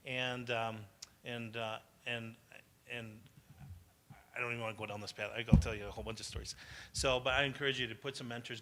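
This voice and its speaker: A man's voice: mid-range voice, bright, forceful tone, a little hiss or hum. A man speaking to entrepreneurs at a live business event, chatty and anecdotal, laughing often and asking the audience questions. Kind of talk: motivational talk to entrepreneurs.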